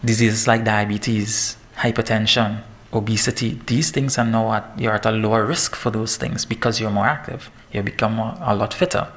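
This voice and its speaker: A man in his thirties, a fitness trainer giving a lively, joking talk to parents. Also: lowish voice, moderate pace, few pauses. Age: 30s. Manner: lively and joking, laughs at himself. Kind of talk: presentation to parents.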